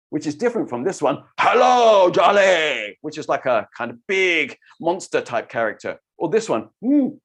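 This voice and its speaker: An animated storytelling teacher running an online workshop, with a lively, swooping pitch. The voice sits in a middle register and keeps modelling sounds for the learners to copy. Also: breathy edge.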